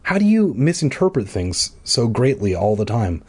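A man's voice: medium pitch, moderate pace, breathy edge. A young man reading a children's story aloud in a casual, jokey way, adding cheeky profane asides. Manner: animated, jokey, swears in asides. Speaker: audiobook reader.

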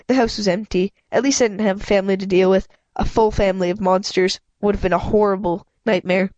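A woman's voice: medium pitch, fairly even intonation, brisk, darkish tone, no room sound. Stuffy-nosed woman reading a story aloud. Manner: stumbling reading with frequent restarts and asides. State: stuffed up with a cold. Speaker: amateur audiobook reader. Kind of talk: casual read-aloud narration.

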